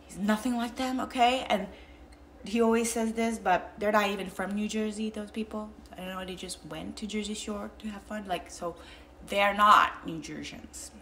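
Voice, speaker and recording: Chatty young woman with a bright voice. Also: medium pitch, fairly even intonation, normal speed, a little hiss or hum. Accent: mild American. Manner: chatty, rambling, many fillers and restarts. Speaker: vlogger. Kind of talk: casual chat.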